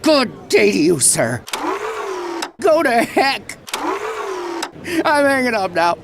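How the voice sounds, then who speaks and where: Bombastic Southern country promoter, folksy bluster, over a noisy game track. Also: male voice, extremely high pitch, big pitch swings, takes it slowly, creaky, full character voice. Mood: blustering rant. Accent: American Southern. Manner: bombastic, folksy, swinging from ranting to sheepish. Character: blustering Southern good-old-boy promoter, middle-aged man. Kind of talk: video game voice acting.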